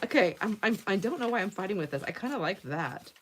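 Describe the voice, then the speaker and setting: A woman's voice: medium pitch, expressive, fast, background noise. A middle-aged woman hosting a casual livestream, chatting and laughing often as she tells a story and reads viewer comments while working at a craft table. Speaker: livestream host.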